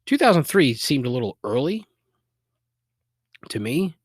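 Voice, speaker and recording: Alone at the mic, a Boston-area podcast host with a thick accent rants profanely, exasperated and full of sarcastic asides. He is very animated, his pitch jumping as he winds himself up, though he keeps a measured pace. His voice is slightly rough, and the recording is dry and close with no room sound.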